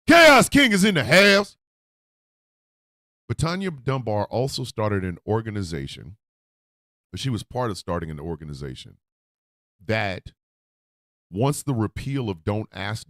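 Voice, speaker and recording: Deep-voiced heartfelt male radio host. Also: no echo, clean studio sound. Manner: heartfelt, profane, swings into loud outbursts. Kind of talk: emotional radio monologue. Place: radio studio.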